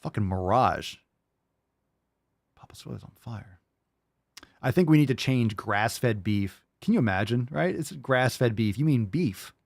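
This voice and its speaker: A man's voice: mid-range voice, lively intonation, unhurried, creaky, long pauses, a little mellow, no room sound, studio quality. A man hosting a live call-in podcast, answering listener questions in a loose, rambling way, swearing freely and filling his talk with "like" and "you know.". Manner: loose, rambling and profane, with many fillers.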